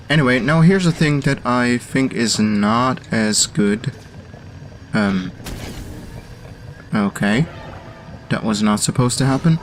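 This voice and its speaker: A young man with a German accent giving let's-play commentary on game levels, halting and full of pauses and fillers. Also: mid-range voice, a little hiss or hum. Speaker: host reviewing community game levels.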